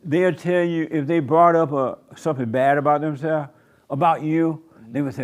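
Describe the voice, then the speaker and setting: A man's voice: a little high, steady tone, moderate pace. Blunt, teasing man leading a church talk. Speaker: pastor leading a church discussion. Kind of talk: blunt preaching in group talk.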